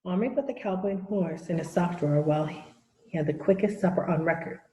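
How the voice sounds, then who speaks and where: A woman reading a children's novel aloud in a steady, even manner, in an echoey room. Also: on the low side, quick pace, a little hiss or hum. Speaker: audiobook reader. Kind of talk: storybook narration.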